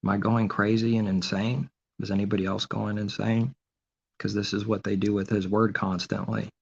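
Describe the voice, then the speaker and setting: A man's voice: lowish voice, flat delivery, normal speed, gravelly, a little mellow, slightly rough. A man delivering an informal sermon, asking and answering his own rhetorical questions, often with mocking sarcasm. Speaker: preacher. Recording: dull lo-fi recording.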